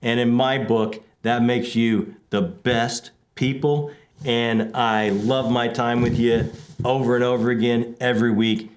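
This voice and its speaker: A man's voice: medium pitch, a little slow. A man co-hosting a casual book chat show, playfully overselling with lots of energy and a fair bit of ham. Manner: playfully overselling, animated and hammy. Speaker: podcast co-host.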